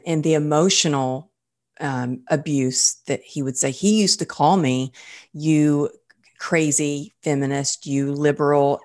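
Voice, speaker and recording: A woman's voice: low voice, vocal fry. A woman hosting a podcast, talking in an earnest, candid, personal way. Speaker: podcast host. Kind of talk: podcast interview conversation.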